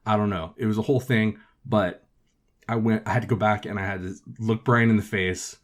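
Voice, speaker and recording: Casual male podcast host, lower pitch, loose and profane, lots of filler words. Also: steady tone, fairly quick. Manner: profane, filler-heavy with frequent "like". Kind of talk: casual storytelling.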